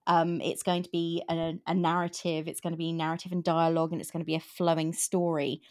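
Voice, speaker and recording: Host, woman in her fifties, lowish voice, animated and rambling. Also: fairly quick, hardly any pauses. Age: 50s. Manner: animated, laughs often, rambling. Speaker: podcast host. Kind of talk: casual book chat.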